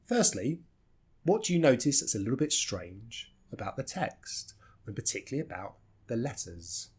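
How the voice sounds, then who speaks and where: A man giving a pronunciation lesson, modelling phrases slowly and repeating reduced sounds. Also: medium pitch, very animated, darkish tone, husky. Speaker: English teacher.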